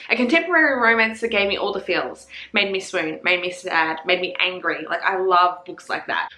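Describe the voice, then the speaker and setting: A woman's voice: medium pitch, pushed and bright. A woman, chatting casually as a book reviewer, gushing and swearing freely. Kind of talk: casual chat. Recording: echoey room.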